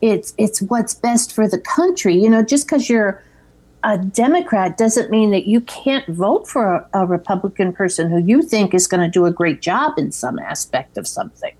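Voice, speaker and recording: A woman's voice: mid-range voice, lively intonation, moderate pace, darkish tone. A woman co-hosting a podcast, chatting casually as she retells film scenes and acts out the quoted lines. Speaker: podcast co-host. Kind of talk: casual chat recapping a film.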